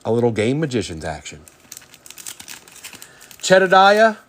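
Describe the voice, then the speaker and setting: Male card-break host, lower pitch, relaxed chatty delivery with quick name rundowns. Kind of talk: casual live card-break commentary.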